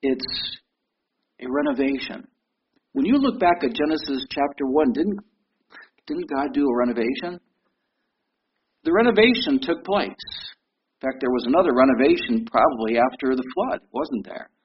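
A man's voice: medium pitch, expressive, moderate pace, long pauses. A man in his fifties preaching a sermon in a conversational way, often repeating words and asking his listeners questions. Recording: dull lo-fi recording with faint noise.

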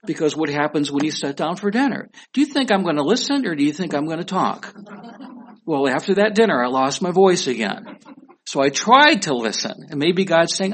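A man's voice: fairly high pitch, expressive, moderate pace, a bit bright, slight background noise. Conversational man preaching a sermon. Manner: conversational, asks the audience questions. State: weak voice. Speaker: pastor.

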